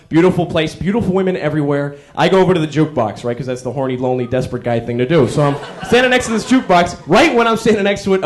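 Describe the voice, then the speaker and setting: A man doing a stand-up comedy routine, acting out quick character bits to a live crowd. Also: a little high. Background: audience laughter.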